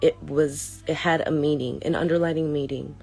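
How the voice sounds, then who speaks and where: A young woman with a low, gravelly voice, talking earnestly and a bit haltingly as she reads a written statement to camera. Faint music plays softly behind her. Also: fairly even intonation. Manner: earnest, hesitant, restarts often. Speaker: vlogger. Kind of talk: reading a prepared statement to camera.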